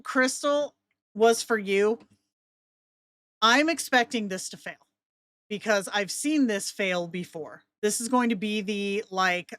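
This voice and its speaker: A woman's voice: mid-range voice, fairly bright tone, dry recording, studio quality. A woman hosting, giving chatty, candid tutorial commentary. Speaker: host.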